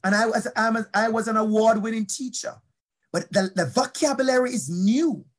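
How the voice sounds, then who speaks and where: A woman from Jamaica speaks, her voice sitting a little high. She is an educator sharing a personal story at a conference talk. She tells it in an animated way, slowing down and speeding up as she goes. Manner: animated storytelling with shifting pace.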